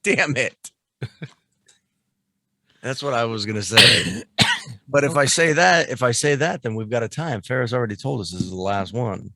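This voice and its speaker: A man's voice: mid-range voice, lively intonation, normal speed, pauses often, bright, forceful tone, dry recording, clean studio sound. A man co-hosting a podcast news quiz in casual chat, swearing freely and laughing often as he teases his co-host.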